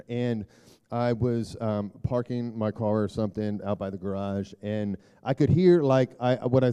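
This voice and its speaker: A middle-aged man giving a rambling, conversational sermon talk to a church group, full of filler words and throat clearing. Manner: turns hushed and low for prayer. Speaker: speaker addressing a church group.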